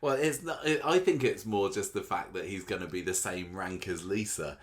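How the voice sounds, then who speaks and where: A man's voice: deep voice, moderate pace. A man co-hosting a podcast, chatting casually with dry, wry asides and frequent laughs. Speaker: podcast co-host. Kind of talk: casual chat.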